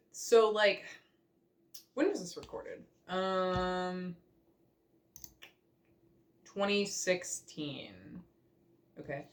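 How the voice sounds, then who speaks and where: A woman's voice: on the low side, lively intonation, slow, long pauses. A young woman rambling chattily in a casual reaction vlog, full of fillers and self-mockery. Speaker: vlogger.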